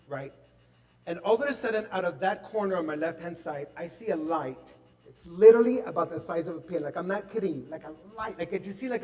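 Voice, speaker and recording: Brief: male preacher, higher-pitched voice, animated testimony full of "like" and "right?", long reverb hall. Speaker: speaker at a spiritual center service. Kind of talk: testimonial sermon. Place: large hall at a spiritual center.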